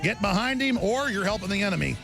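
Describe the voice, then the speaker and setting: A man hosting political talk radio, ranting in heated bursts with a gravelly voice. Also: sits high, animated, quick pace, over music. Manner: fiery, ranting, shouting bursts. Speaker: radio talk show host.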